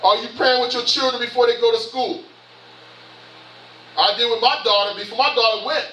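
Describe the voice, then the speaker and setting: High bright preaching man, Southern accent. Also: a little fast, slight background noise. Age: 50s. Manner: impassioned, repetitive preaching with rhetorical questions. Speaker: bishop. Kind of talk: sermon. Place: church sanctuary. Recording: echoey church from far off.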